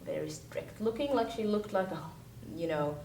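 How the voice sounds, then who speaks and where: A woman's voice: animated, normal speed, dark tone, lightly acted. A young woman acting as an earnest teenage orphan girl, telling her story to a friend in a rambling, hesitant vlog style. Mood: wistful. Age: teens. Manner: rambling, hesitant, full of restarts and fillers. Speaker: actor in a vlog-style web series. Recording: roomy sound from a distant mic, faint rumble.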